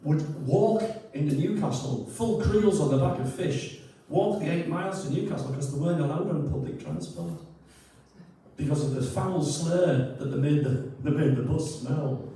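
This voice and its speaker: A man's voice: on the high side, expressive, normal speed, warm tone. A man telling a local story before a poem, chatty and hesitant, stumbling over words and making fun of himself. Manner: chatty, hesitant, self-deprecating, chuckles often. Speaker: poet and storyteller introducing a tune. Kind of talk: rambling spoken introduction. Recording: echoey room, mic far off.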